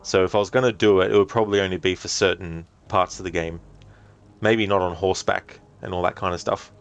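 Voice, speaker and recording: A man streaming a game live, reading and answering chat in a relaxed, chatty way and laughing often. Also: deep voice, fast talker, vocal fry, slight background noise.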